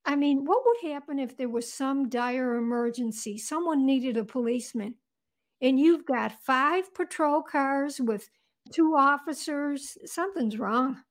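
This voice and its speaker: On an interview show, a guest author with a noticeably high female voice tells her story earnestly and step by step. She keeps a measured pace and lingers on vivid details.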